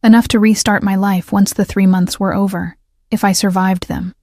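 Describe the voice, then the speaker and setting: A woman reads a first-person romance audiobook in a measured, steady voice. Her tone is warm and mellow, with dry, close sound. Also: mid-range voice, dry recording. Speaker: audiobook narrator.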